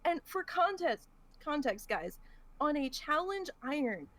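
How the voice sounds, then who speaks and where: A woman co-hosting a podcast, retelling a gaming mishap in a lively, laughing way. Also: high voice, a little slow. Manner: animated, laughs through the story. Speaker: podcast co-host. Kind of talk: casual storytelling chat.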